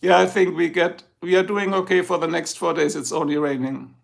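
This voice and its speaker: A man's voice: fairly high pitch, flat delivery, fairly quick, gravelly. A middle-aged man from Germany whose first language is German, speaking English with a German accent as he hosts a rambling, casual livestream chat. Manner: rambling, talks straight to the chat. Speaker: livestream host.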